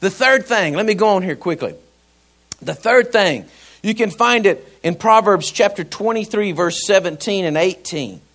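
A male pastor, telling a personal story in a sermon, laughing and animated. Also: high-pitched, moderate pace.

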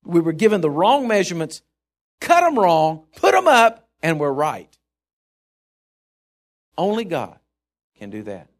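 A man's voice: on the high side, wildly swooping pitch, unhurried, long pauses. A male preacher giving a sermon in an emphatic, conversational way.

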